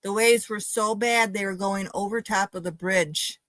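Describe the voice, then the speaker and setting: A woman's voice: mid-range voice, steady tone, moderate pace, a bit bright, dry recording, poor audio. Firm woman, dry sound. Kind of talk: casual chat.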